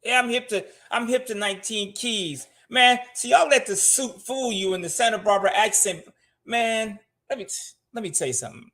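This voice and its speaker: Guy with a higher voice, frank and animated, swearing a lot, chatting from home on a webcam. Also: normal speed. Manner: answers viewer comments. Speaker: guest on a finance show. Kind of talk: casual livestream talk. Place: home room.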